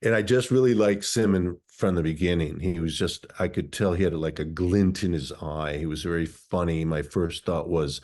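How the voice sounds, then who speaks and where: Deep-voiced man telling thoughtful stories. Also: steady tone, moderate pace, few pauses, a little mellow. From Minnesota, USA. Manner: thoughtful, articulate, philosophical. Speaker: interview guest, musician. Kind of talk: reflective interview storytelling.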